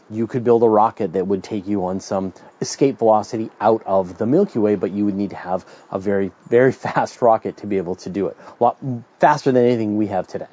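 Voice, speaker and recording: A man's voice: fairly low pitch, dark tone, dull audio. A middle-aged Canadian man hosting a question-and-answer podcast, explaining science in a casual, chatty way with restarts and asides. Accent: Canadian English.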